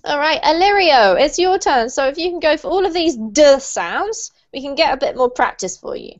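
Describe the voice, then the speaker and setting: A woman leads an online group pronunciation lesson, upbeat and encouraging, with frequent praise for her students. Her high-pitched voice is expressive and moderately paced. Heard over a video call, the audio sounds dull and lo-fi.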